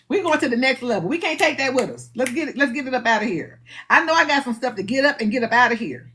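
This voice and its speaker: A woman hosting a live book discussion, animated and preachy, acting out little dialogues as she goes. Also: high voice, quick pace, slight background noise. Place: live online stream.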